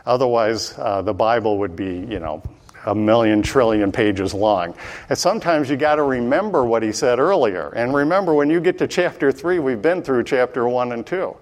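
A man giving an earnest sermon as a Bible teacher, repeating points and often pausing on "uh". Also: medium pitch, animated. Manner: earnest, repetitive, many "uh" fillers.

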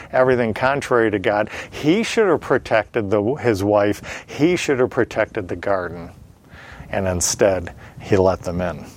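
Man, preacher, lowish voice, expository sermon, reads scripture aloud, frequent fillers. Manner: measured teaching delivery with frequent "uh" fillers.

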